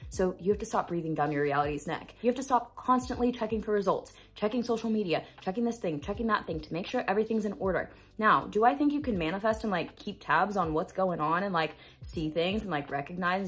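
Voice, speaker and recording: A woman's voice: mid-range voice, quick pace, hardly any pauses, slightly rough. A woman manifestation coach giving an earnest, emphatic self-help talk to camera, repeating phrases for stress and swearing now and then.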